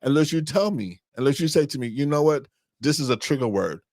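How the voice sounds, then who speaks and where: A man's voice: mid-range voice, animated, a little fast, darkish tone, no echo, clean studio sound. A man co-hosting a marriage podcast in casual chat, easygoing, often stopping and restarting his sentences. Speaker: podcast co-host.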